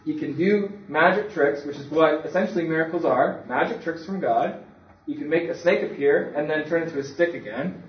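A man's voice: a little high, fairly quick, far from the mic, a little hiss or hum. A man preaching a sermon in a conversational, storytelling way, acting out the quotes. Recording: echoey room, speaker away from the mic, dull sound.

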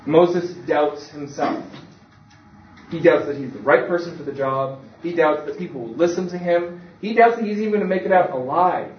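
A man's voice: a little high, moderate pace, distant mic, slight background noise. A man preaching a sermon in a conversational, storytelling way, acting out the quotes. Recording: echoey room, speaker away from the mic, dull sound.

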